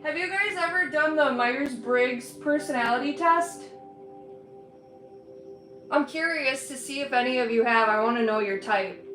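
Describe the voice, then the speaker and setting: A woman's voice: sits high, a little slow, fairly bright tone. A woman chatting casually and rambling with her viewers while she paints on a livestream, laughing often. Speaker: livestreaming artist. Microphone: streaming setup. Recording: roomy with faint background music.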